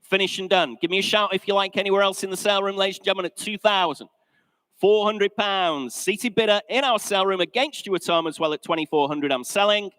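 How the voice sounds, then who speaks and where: A man with an English accent calling a live classic vehicle auction in a sale room, brisk and chatty, joking with the bidders. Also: high voice, fairly bright tone, smooth, no echo, rough recording.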